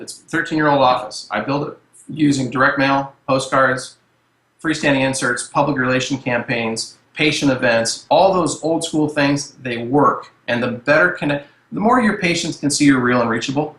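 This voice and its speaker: Blunt guy giving advice, bright forceful voice, echoey room. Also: mid-range voice. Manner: blunt, brisk, plain-spoken. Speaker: guest, marketing executive. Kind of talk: advice in interview.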